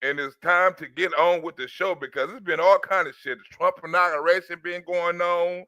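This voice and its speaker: A man hosting his own channel, his voice slightly sore after a cough, talking loosely and crudely in an animated rant to his viewers. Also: high voice, moderate pace, dry recording, muffled recording. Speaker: channel host. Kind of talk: casual political rant to viewers.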